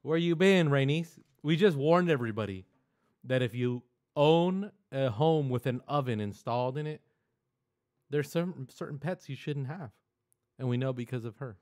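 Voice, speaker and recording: Male co-host, casual, quick reactive comments, lively intonation. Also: mid-range voice. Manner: reactive listener, quick interjections and jokes. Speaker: podcast co-host. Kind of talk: casual chat.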